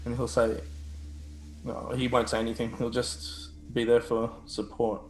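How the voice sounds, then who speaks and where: A player in a tabletop game, a man who describes his character's actions in a slow, halting way from off-mic. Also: mid-range voice, completely flat delivery. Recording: echoey, off-mic.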